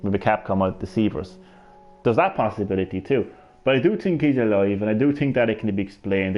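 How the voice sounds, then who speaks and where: Excitable rambling man, low voice. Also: dull audio. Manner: excitable, rambling, swears often, many restarts. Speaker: gaming channel host. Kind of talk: excited rambling lore discussion. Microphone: gaming headset.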